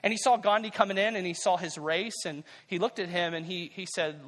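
A man's voice: high voice, a little fast, hardly any pauses, fairly bright tone, in a large hall. A man preaching a sermon as pastor, conversational and repeating key phrases for emphasis.

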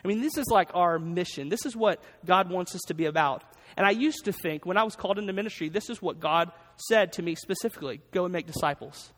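High-voiced preacher in an echoing hall. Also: male voice, fast talker. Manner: energetic, emphatic repetition. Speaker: pastor. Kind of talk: sermon. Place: church sanctuary. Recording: long reverb of a large hall.

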